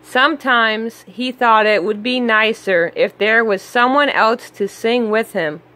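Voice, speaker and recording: A woman reading a children's picture book aloud, slow, gentle and expressive. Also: a little high. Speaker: storybook reader. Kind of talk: children's read-aloud narration.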